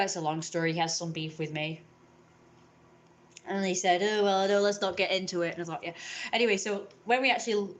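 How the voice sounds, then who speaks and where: A young woman tells a long grievance to her camera, rambling and indignant, with a somewhat low voice. She jumps into higher voices to mimic the people in her story. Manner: rambling, indignant, acts out others in raised voices. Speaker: vlogger.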